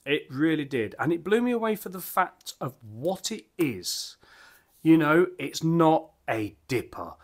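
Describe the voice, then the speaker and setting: A man's voice: a little high, big pitch swings, unhurried. A man, chatting enthusiastically and rambling as he reviews beer at his home bar. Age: 50s. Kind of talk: casual vlog chat.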